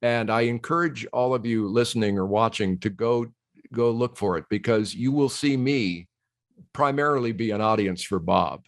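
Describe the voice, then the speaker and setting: A man in his sixties, a guest on a podcast, telling stories casually and agreeing with quick laughs. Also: mid-range voice. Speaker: guest, TV host. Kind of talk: casual interview chat.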